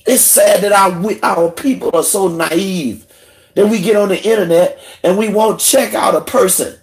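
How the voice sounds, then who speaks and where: Furious man ranting on a livestream. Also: moderate pace. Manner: heated, profane, swings between low muttering and shouting. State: emotional, in tears. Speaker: livestream host. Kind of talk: angry livestream rant.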